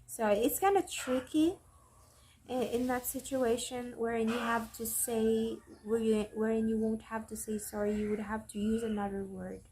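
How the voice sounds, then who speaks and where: A woman's voice: fairly high pitch, steady tone, moderate pace, warm tone, slight background noise. A woman with a Filipino accent explaining things casually, often restarting and repeating her phrases. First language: Tagalog. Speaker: vlogger.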